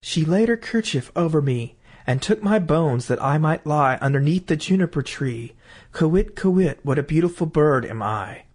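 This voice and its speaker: A man's voice: fairly high pitch, expressive, moderate pace, darkish tone. A man voicing a magical songbird, a murdered boy reborn, chanting its lament in a lilting singsong. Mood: eerie singsong.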